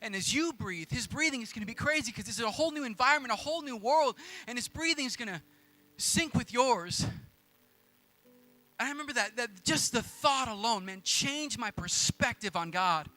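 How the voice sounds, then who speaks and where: A man in his thirties preaching a sermon in a church, telling a story in an animated, casual way. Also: very high-pitched, moderate pace, faint music behind. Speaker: pastor.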